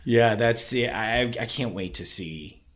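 A chatty man from Kentucky hosts a relaxed interview. He rambles through his stories, restarts his sentences and laughs easily. His voice sits at an ordinary middle pitch. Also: unhurried. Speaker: host. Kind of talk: casual interview chat.

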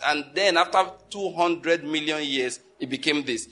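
A man preaching a sermon, emphatic and repetitive, firing rhetorical questions and swinging between quiet and forceful delivery. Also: on the high side, a little slow, few pauses. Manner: emphatic, repeats key phrases, asks the audience rhetorical questions; wide swings in loudness between calm and forceful.

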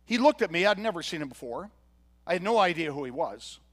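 A high-voiced, earnest grown man who was blind and has been healed, as a pastor plays him. He tells his story in a first-person sermon monologue, grateful and sincere, and acts out the other people's lines as he goes. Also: sing-song, fast, a bit bright. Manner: earnest storytelling with quoted dialogue.

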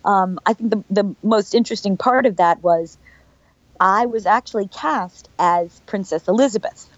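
A woman guest telling animated, chatty stories with many restarts in a casual interview. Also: medium pitch, normal speed, no room sound, lo-fi sound. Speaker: actress guest.

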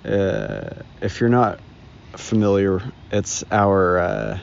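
This man's low voice swings widely in pitch and drags slowly with vocal fry. He's a podcast co-host having a casual, rambling chat outdoors in a park, laughing often. The recording is dull and lo-fi with faint noise.

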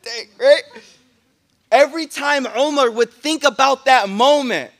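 A man giving a lively, joking sermon to a class, speaking in casual slang. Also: very high voice, a little fast. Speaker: sheikh giving a talk. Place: room with a listening audience.

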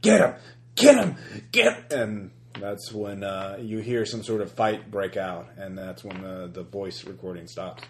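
Guy game mastering a horror rpg, lowish voice, lots of uhs and restarts, faint hiss. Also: flat delivery, unhurried, few pauses, reverberant. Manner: hesitant, many fillers and restarts. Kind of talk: narrating a tabletop horror game.

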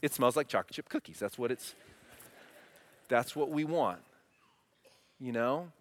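A man in his thirties preaching a sermon, animated and asking the congregation questions. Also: medium pitch, moderate pace, long pauses. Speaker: pastor. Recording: long hall reverb.

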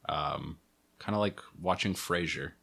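A man's voice: low voice, a little slow, gravelly, husky. A man co-hosting a podcast, talking casually and hesitantly with lots of fillers. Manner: relaxed, hesitant, many fillers. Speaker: podcast co-host. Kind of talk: casual chat.

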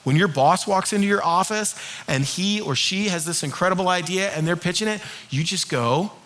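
Middle-aged guy preaching a sermon, high bright voice, gets the crowd to answer back. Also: normal speed. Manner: lively, leads the congregation in call-and-response. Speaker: pastor.

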